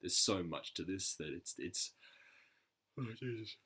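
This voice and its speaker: A man hosting a music reaction video, talking in a halting, earnest way with lots of restarts and fillers, sounding choked up. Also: deep voice, sharp tone, breathy edge. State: choked up, emotional. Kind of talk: casual reaction commentary.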